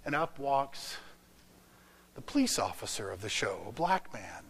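A man preaching a sermon through a story, rising loud and then dropping to a whisper. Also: mid-range voice, very animated, unhurried, husky, poor audio. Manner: dramatic, swinging from loud to whispered.

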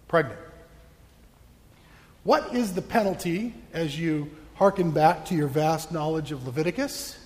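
A man's voice: a little high, in a large hall. A male pastor preaching a sermon in a church, playful and joking with his congregation.

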